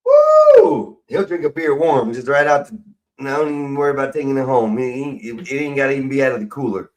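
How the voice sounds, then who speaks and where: A man with a drawl rambles through a casual livestream chat, cursing freely as he sips a drink. His voice sits at an ordinary middle pitch, loose and conversational. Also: fairly even intonation, quick pace, rough recording. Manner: profane, rambling, drinking while talking. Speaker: stream host.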